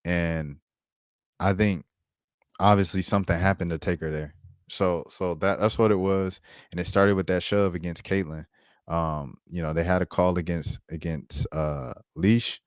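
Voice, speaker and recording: A man's voice: low-pitched, a little slow, clean tone, no echo, studio quality. A man hosting a casual basketball commentary stream, slangy and laid-back, pulling up clips as he talks. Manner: slangy, laid-back, says bro and dog often; multitasking, pulling up clips while talking. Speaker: sports commentary host.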